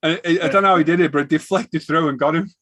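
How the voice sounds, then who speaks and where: Bloke on a live stream, bit higher voice, dry close mic, doing all the voices in his stories. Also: racing, no echo. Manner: animated storyteller acting out shop exchanges. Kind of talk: casual chat.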